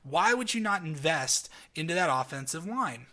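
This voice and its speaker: A man talking through a solo sports podcast from his home with a bright, forceful tone and a somewhat high voice. He is chatty and opinionated and laughs often as he rambles. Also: lively intonation, normal speed. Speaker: podcast host. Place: home, dog barking outside.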